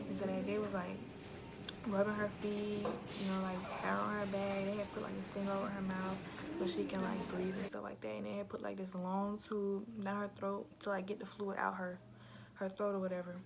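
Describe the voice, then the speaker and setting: A young woman chats to her camera in a loose, slangy storytime voice with a gravelly vocal fry. She keeps calling her viewers y'all and often sinks into a soft whisper as she talks. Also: medium pitch, level tone, a little fast, loud music behind the voice. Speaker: vlogger telling her birth story.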